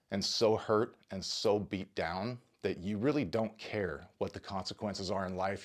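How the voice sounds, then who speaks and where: A man giving a personal testimony to camera, earnest and confessional, emotional and a little out of breath, with halting restarts. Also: low-pitched. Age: adult parent. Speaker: video creator and podcaster.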